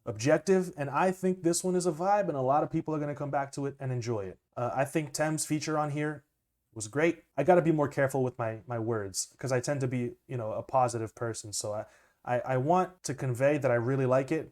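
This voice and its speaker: A young man, a music producer, chatting casually and excitedly as he reacts to an album, laughing often. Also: mid-range voice, quick pace. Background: music playing faintly.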